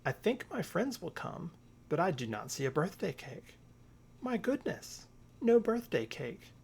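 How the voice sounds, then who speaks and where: A man reading a storybook aloud, voicing an eager, excitable little bear cub. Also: fairly high pitch, moderate pace, creaky, slightly rough, heavily acted. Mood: excited.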